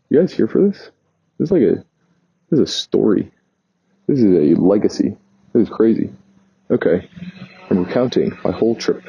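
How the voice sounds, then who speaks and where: On dull, lo-fi audio with no echo, a man from New York chats through a rambling travel tale and keeps correcting himself. His voice is on the low side, with a breathy edge.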